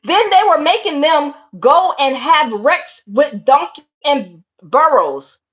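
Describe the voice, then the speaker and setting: A woman with a high voice talks straight to her viewers in a fired-up livestream rant. She repeats herself and keeps calling them "y'all". The sound is dull and lo-fi. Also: expressive, slow, a bit bright. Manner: impassioned, repetitive, keeps addressing viewers as y'all. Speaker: online commentator. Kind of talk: casual livestream commentary.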